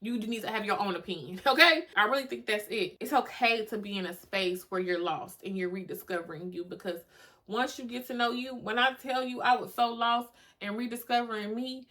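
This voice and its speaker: Bright, emphatic woman podcaster. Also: a little high, fairly quick. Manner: emphatic, animated, repeats lines for effect, swears casually. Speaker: podcast host. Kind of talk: solo motivational podcast talk.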